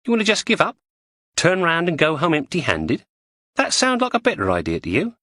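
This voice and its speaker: A man's voice: a little high, sing-song, fairly quick, sharp tone, no room sound, voice pushed up, exaggerated voice. A man voicing a bossy, volatile woman crook with an Estuary English accent, breezy and mocking.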